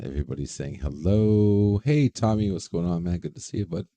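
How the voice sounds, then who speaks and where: A man's voice: on the low side, lively intonation, normal speed, few pauses, mellow, no echo, highs cut off. A man hosting a casual livestream, rambling, swearing freely and greeting chat viewers by name. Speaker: livestream host.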